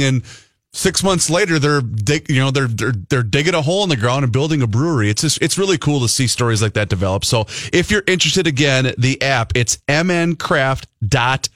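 A man's voice: on the high side, fairly bright tone, no echo, clean studio sound. A man hosting a casual radio talk show, chatty and rambling with many restarts. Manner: rambling, lots of restarts and fillers. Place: radio studio.

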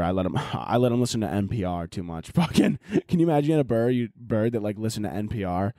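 A man's voice: medium pitch, very animated, fast talker, mellow, no room sound, studio quality. A young man hosting a podcast on his own, rambling and joking with a lot of swearing in casual chat. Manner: profane, rambling, jokey. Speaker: podcast host.

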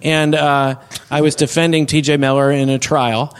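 A man hosting a comedy podcast, telling a rambling story in a halting way with many fillers. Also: fairly high pitch, level tone, clean tone.

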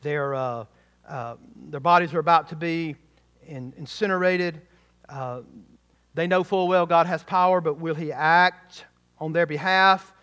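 High-voiced animated man preaching. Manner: animated preaching, rhetorical questions, quick asides. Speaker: pastor. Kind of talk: sermon.

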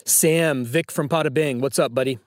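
A man's voice: a little high, moderate pace, heavy background noise. A man hosting a phone-in trivia quiz, teasing and joking with callers. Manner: playful, teasing. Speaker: trivia show host.

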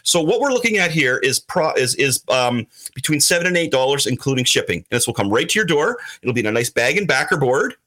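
A man chatting casually on a podcast as a regular, animated and slipping into put-on voices when he quotes people. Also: medium pitch, fairly quick, few pauses. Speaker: show regular, comic publisher.

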